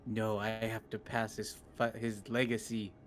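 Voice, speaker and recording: A young man playing his character in a tabletop game, speaking softly with halting restarts. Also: fairly low pitch, flat delivery. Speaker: player.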